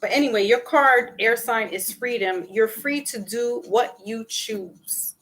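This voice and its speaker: A woman's voice: a little high, measured pace, fairly bright tone, rough recording. A woman giving a casual tarot reading to her viewers, chatty and talking to people in the chat by name. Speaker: tarot reader. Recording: music playing behind.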